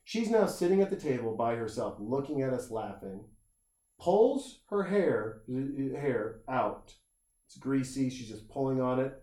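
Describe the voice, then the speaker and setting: A man in casual conversation spins an animated story, slipping into quick voices for the people he describes and cursing as he goes. His voice sits at a middle pitch. The sound is roomy, with a noticeable echo around him. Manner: animated anecdote telling with quoted voices and swearing.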